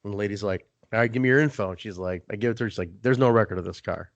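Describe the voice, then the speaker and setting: A man's voice: fairly low pitch, rapid-fire, no echo, highs cut off. A young man hosting a casual podcast, swearing loosely and acting out both sides of his own stories. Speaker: podcast host.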